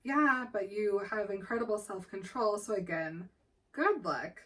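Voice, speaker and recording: A brawny young male vampire, put on by a woman, tossing out jokes and teasing his brooding brother with carefree ease. The voice stays at a middling pitch. It sits a little back from the microphone. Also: animated, unhurried, fairly bright tone, distant mic.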